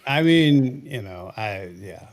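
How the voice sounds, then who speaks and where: A man's voice: medium pitch, lively intonation, takes it slowly. A man joking and teasing in a casual online hangout over a video call. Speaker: chat guest. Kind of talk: casual chat, teasing banter.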